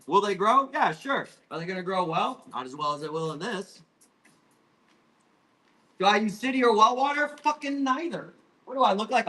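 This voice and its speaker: A man hosting a live plant auction, rambling, apologizing and swearing as he hurries through his sales pitch. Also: lively intonation, brisk, bright, forceful tone, rough recording. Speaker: live-stream plant seller. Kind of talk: live auction selling chat.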